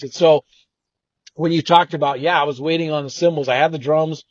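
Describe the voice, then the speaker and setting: Speaking briskly in a high-side voice with fairly even intonation, a male co-host earnestly tells a personal story, meandering and reflective, in casual storytelling form. The sound is dry, dull and lo-fi.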